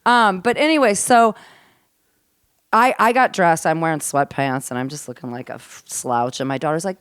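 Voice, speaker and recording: A woman in her fifties tells stories on a casual podcast, her voice sitting low for a woman. She is animated, swears freely and drops to a hush before getting loud again. The room sounds dry and close. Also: normal speed, clear, resonant tone, no echo. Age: 50s. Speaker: comedian guest. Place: host's home.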